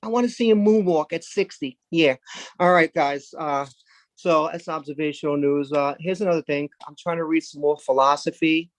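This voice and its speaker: A man from Brooklyn, doing a rambling, deadpan stand-up set. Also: a little high, moderate pace, no echo. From Brooklyn, New York. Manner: rambling, deadpan, with sudden loud jumps into put-on voices. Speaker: stand-up comedian.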